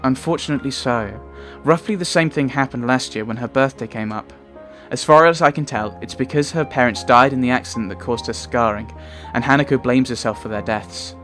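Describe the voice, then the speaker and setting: A man voicing a calm, polite young woman with a received pronunciation accent, who sounds tired. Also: medium pitch, a little fast, few pauses, faint music behind, lightly acted.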